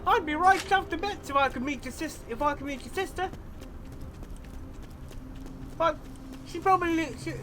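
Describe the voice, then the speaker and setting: A streamer commentating a live game in a put-on mix of Cockney and Australian accents, rambling and repeating phrases with self-amused asides. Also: high-pitched.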